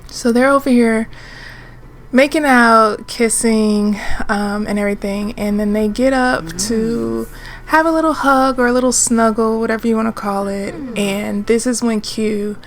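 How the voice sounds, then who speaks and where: Slow, chatty woman narrating a game story. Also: on the high side, steady tone, a little hiss or hum. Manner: chatty, rambling, many fillers and restarts. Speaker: let's-play narrator.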